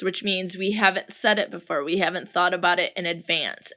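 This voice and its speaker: A woman's voice: medium pitch, pushed and bright. A woman hosting a solo podcast, talking in a chatty, upbeat way, reading out quotes and laughing often. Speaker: podcast host. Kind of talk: solo podcast talk on friendship.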